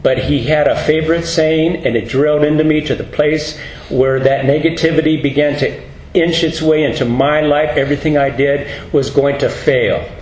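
A man's voice: on the high side, fairly even intonation, moderate pace, darkish tone, slight background noise. A middle-aged man preaching a storytelling sermon as a pastor, folksy and earnest, acting out the voices he quotes. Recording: roomy hall with faint ambience.

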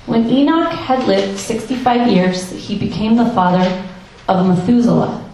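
A woman reading a scripture passage aloud in a careful, steady way. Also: medium pitch, measured pace. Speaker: scripture reader. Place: church. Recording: very echoey church room with faint noise.

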